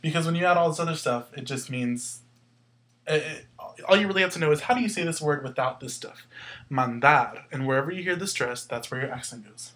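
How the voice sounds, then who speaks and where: A man's voice: fairly high pitch, quick pace, a bit bright. A man teaching a Spanish grammar lesson, explaining patiently step by step and asking questions as he goes.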